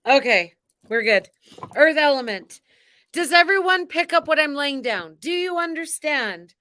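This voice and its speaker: Woman doing a spiritual card pull, bright higher voice, talks slow and dramatic. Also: animated. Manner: exuberant, theatrical, chanting and cheering. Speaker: spiritual card-reading host. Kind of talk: live spiritual card reading.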